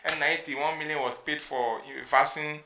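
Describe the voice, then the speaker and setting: A Ghanaian man co-hosting a podcast in casual chat, animated and joking, repeating words for emphasis. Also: a little high, normal speed. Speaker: podcast co-host. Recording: echoey room with faint noise.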